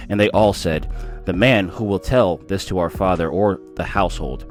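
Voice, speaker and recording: A man with a very low voice reads scripture aloud, earnest and steady, now and then stumbling and restarting a phrase. Faint music plays softly behind him. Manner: earnest reading with small slips and restarts. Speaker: scripture reader.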